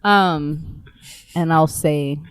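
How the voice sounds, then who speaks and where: A woman's voice: deep voice, very slow, over music. A woman playing a tabletop role-playing game, talking in a casual, giggly, rambling way. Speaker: player.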